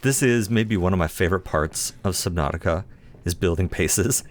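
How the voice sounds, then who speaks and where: A man's voice: sits low, normal speed. A man giving casual commentary while playing a game, chatty and playful, talking to himself and teasing himself as he goes. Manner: self-deprecating, playful. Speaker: let's play host.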